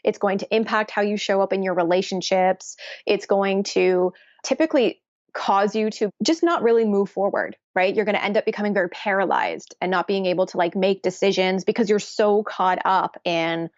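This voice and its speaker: A woman's voice: medium pitch, normal speed, no echo, lo-fi sound. A woman nutritionist and coach, speaking as a podcast guest and explaining earnestly, often tagging "right?" onto what she says. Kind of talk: podcast interview conversation.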